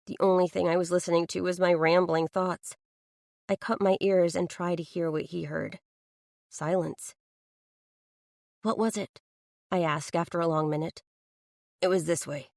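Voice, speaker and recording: A woman's voice: on the low side, creaky, a little mellow, dry recording, clean studio sound. A woman narrating a first-person audiobook thriller, reading an anxious inner monologue in an earnest way.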